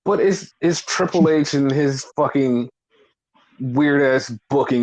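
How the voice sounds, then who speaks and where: A man co-hosting a casual wrestling podcast, talking fast and loose with lots of swearing, jumping up high when he acts out quotes. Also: poor audio. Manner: animated, profane, acts out quotes. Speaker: podcast co-host.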